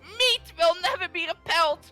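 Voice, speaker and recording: Brief: pompous old man, loud bright proclamations, put on by a gamer. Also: animated, moderate pace, soft background music, heavily acted. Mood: triumphant. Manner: shrill, booming declarations. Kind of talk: voicing game dialogue.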